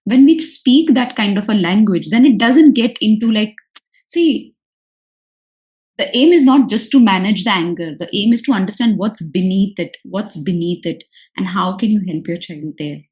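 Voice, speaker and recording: An occupational therapist speaks earnestly to parents in a mid-pitched voice. She works through examples and comes back to her key points again and again. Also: animated, normal speed, darkish tone, poor audio. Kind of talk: advice talk to parents.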